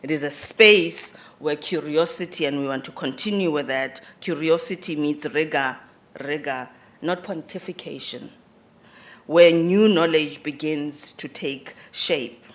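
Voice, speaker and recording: A speaker with a squeaky voice gives a formal welcome address in a university conference hall. The delivery halts often, with fillers and repeated words. The voice climbs louder and higher on the phrases being stressed. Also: unhurried. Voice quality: self-described squeaky voice. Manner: rises in pitch and volume on emphasized phrases. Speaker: conference host speaking for the organizers.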